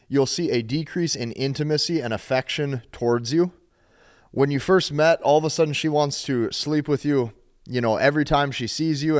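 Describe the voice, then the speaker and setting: A man giving dating advice straight to camera, emphatic and repetitive, often checking in with "okay?". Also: medium pitch. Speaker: dating coach. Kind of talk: direct-to-camera advice talk.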